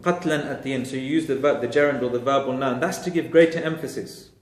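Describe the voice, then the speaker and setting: A man's voice: medium pitch, fast, roomy sound. A man teaching a Quran exegesis class, explaining Arabic grammar step by step and repeating key phrases for emphasis.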